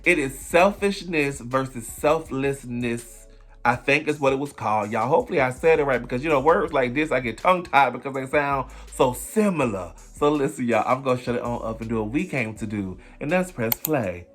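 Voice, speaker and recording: A man's voice: medium pitch, lively intonation, normal speed, a bit bright, faint music behind. A man hosting a reaction video, chatting in a sassy, slangy, playful way. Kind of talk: casual reaction chat.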